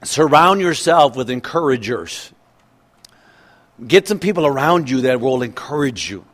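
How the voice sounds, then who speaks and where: A middle-aged man preaching a sermon in a lively way, acting out the voices of people in the story and laughing as he goes. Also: medium pitch, unhurried. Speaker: pastor.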